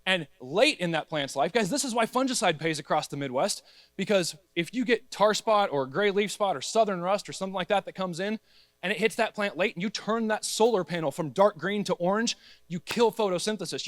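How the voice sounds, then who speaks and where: A man giving an energetic, conversational presentation to a room of growers, talking straight to the crowd. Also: high voice, fairly quick, no room sound, clean studio sound. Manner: energetic, conversational, addresses audience as guys, acts out the plant's voice. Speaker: agronomy speaker at a grower meeting. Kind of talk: conference presentation.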